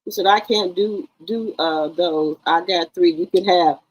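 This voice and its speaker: A woman's voice: lowish voice, measured pace, low-quality recording. A woman hosting a casual livestream, chatting brashly with her viewers and swearing freely. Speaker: livestream commentary host.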